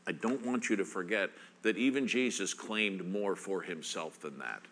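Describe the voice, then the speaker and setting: A man's voice: low-pitched, a bit bright. A man preaching a sermon as pastor, reading scripture aloud with rising emphasis. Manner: reads scripture with rising emphasis, slow and deliberate.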